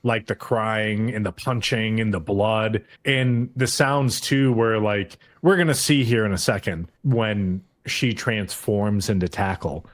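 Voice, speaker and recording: A man's voice: on the low side, steady tone, measured pace, hardly any pauses. A man co-hosting a podcast, casually recapping an anime episode in a loose, joking way with some profanity. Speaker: podcast co-host.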